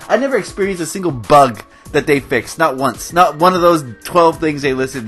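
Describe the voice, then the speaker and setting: A man's voice: a little high, expressive, normal speed, hardly any pauses, fairly bright tone, soft background music. A man hosting a gaming channel, ranting in casual game commentary and getting worked up, with fillers and nervous laughs.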